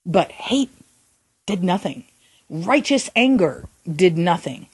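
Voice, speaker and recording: A woman with a low voice speaks earnestly on a faith podcast. She talks in halting phrases, restarting her sentences as she works through a thought. The sound is close and dry. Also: big pitch swings, slightly rough, no echo. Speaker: podcast co-host. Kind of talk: reflective faith podcast talk.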